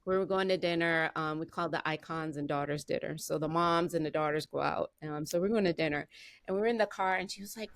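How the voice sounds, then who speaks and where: A woman hosting a podcast, offering frequent short affirmations and telling stories with lively voiced quotes. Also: low-pitched, fast talker, dry recording. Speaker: podcast host. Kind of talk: podcast interview.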